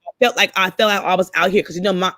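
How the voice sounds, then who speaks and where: A woman's voice: medium pitch, fairly even intonation, rapid-fire, pushed and bright, no echo. A middle-aged woman chats candidly with a cohost, swearing freely and acting out old arguments. Her voice sounds dry and close. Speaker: co-host. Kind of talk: casual story chat.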